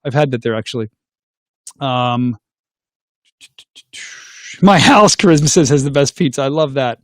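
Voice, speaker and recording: A middle-aged man, hosting a casual call-in show, goofy and excitable, making silly sound effects. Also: mid-range voice, measured pace, no room sound, clean studio sound. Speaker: host of a call-in livestream show.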